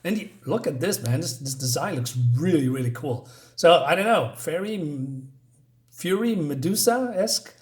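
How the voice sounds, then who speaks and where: A man's voice: a little high, animated, normal speed. A man reviewing a comic book in a casual vlog, chatty and enthusiastic, with many fillers.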